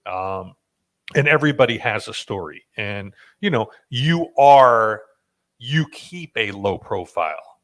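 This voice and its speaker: Male podcast host, low-pitched, casual, jokey, lots of ums and restarts. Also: expressive, takes it slowly, fairly bright tone. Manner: loose and joking, with frequent fillers and restarts.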